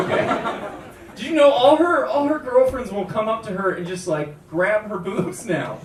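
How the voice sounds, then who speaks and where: A young man performing a stand-up comedy set on a club stage, animated, acting out quoted voices and jumping up in pitch for punchlines, with audience laughter behind him. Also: moderate pace, a crowd in the background. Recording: roomy club sound, taken from a distance, loud noise.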